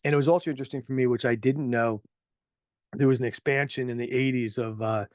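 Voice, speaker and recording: A man's voice: mid-range voice, fairly even intonation, fast, no echo. Chatty middle-aged man, muffled dry sound. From New Jersey. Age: 50s. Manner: chatty, rambling, with frequent filler words. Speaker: show host. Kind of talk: opinionated local commentary.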